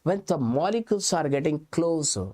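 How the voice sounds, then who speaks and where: A man with an Indian English accent teaching a chemistry lecture, explaining slowly and repeating key points while calling his students kids. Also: a little high, expressive, darkish tone. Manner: slow, repetitive explaining, addressing students as kids. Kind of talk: exam-prep lecture.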